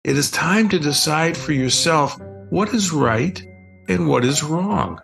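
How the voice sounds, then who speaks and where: Patient wise father in a storybook, read by an older man, calm and instructive, gravelly. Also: fairly high pitch, measured pace, soft background music, heavily acted. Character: wise calm father guiding his kids.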